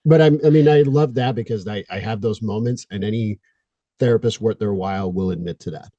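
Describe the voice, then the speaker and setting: A man's voice: on the low side, brisk, mellow, dry recording, muffled recording. A man hosting an interview podcast, a therapist who talks bluntly and jokes around, pushing for real talk. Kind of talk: casual interview chat.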